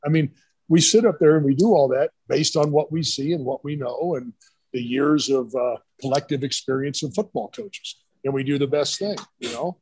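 Husky middle-aged guy, retired coach, rambles thru stories and does little voices for quotes. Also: fairly high pitch, normal speed, darkish tone, no room sound, rough recording. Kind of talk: casual interview talk.

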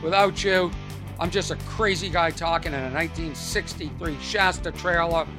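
A man's voice: a little high, fairly even intonation, moderate pace, music in the background. A man hosting a comedy podcast from a small trailer, ranting in an exasperated, sarcastic way. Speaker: podcast host. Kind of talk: comic ranting monologue.

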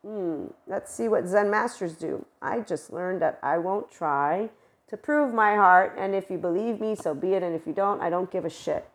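A woman hosting a spiritual talk, speaking in a casual, animated monologue with exclamations and offhand swearing. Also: lowish voice, moderate pace. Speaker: spiritual channel host.

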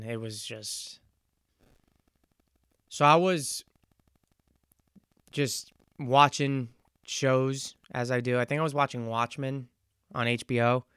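A man in his twenties hosting a solo podcast, talking in an earnest, reflective and halting way. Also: medium pitch, a bit bright, clear, resonant tone, no room sound, clean studio sound. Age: 20s. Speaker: podcast host. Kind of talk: casual solo podcast monologue.

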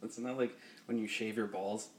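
A man's voice: fairly low pitch, a little hiss or hum. A man hosts a casual podcast and throws in dry quips while his co-host talks. He laughs readily and keeps it loose. The recording has a roomy, echoing sound. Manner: dry wisecracks, quick to laugh. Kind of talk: casual chat. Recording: roomy echo.

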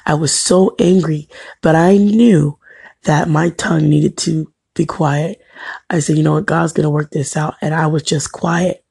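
Gravelly husky woman preaching encouragement. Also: sits low, a little mellow, dry recording. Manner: earnest, preaching encouragement with emphatic repetition. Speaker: faith-based motivational speaker. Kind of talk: inspirational devotional talk.

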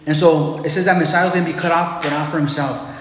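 A man's voice: a little high, steady tone, fast talker, a bit bright, a little hiss or hum. A man preaching a sermon in a loose, conversational way, often calling listeners "man" and restarting his phrases. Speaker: pastor. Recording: echoey hall.

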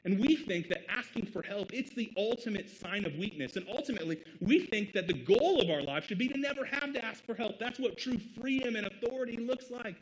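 A man from the American Midwest delivers a sermon in a conversational, earnest way. His voice sits a little high for a man. He drives his points home with emphatic rhetorical questions. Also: lively intonation, a little fast, few pauses, rough recording. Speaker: pastor.

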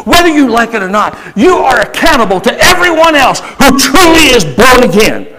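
A male pastor delivering a sermon, moving between casual asides, sudden shouts and slow emphatic stretches. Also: extremely high pitch, big pitch swings, background noise.

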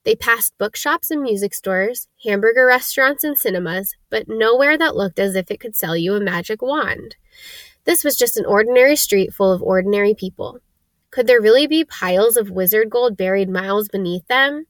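Female storybook reader, middle pitch, dry close sound. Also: animated, normal speed, no room sound. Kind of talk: storybook narration.

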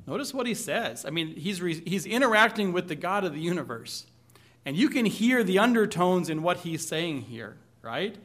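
A male pastor delivering a conversational sermon. His voice is bright and forceful, pitched a little high, and he mixes scripture reading with questions to the congregation and light humor.

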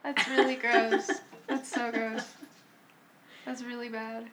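High-pitched giggly young woman. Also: little pitch movement, a bit bright. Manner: giggly, explains rules haltingly. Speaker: family game player. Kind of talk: casual family chat.

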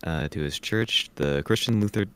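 Casting: male co-host, lowish voice, plain steady reader. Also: normal speed, a little hiss or hum. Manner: plain reading with "uh" fillers. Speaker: podcast co-host. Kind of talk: casual podcast, reading notes.

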